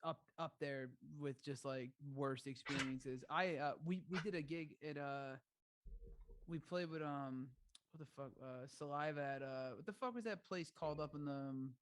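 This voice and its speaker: A young man talks in a loose, casual way, stopping often to search for the right word. He swears often, and his voice sits slightly high for a man. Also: moderate pace. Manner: laid-back, swears, gropes for words. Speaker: co-host, musician. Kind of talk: casual chat.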